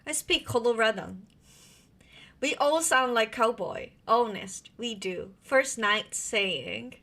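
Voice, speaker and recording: A woman's voice: a little high, slow, sharp tone. A woman with a Japanese accent chatting casually on a live stream and mixing Japanese and English as she goes.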